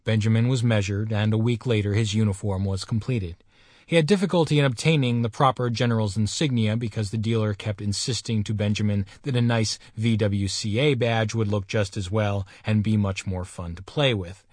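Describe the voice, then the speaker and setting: A man reading a story aloud in measured, expressive audiobook narration. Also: on the low side, dry recording, studio quality. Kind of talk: scripted narration.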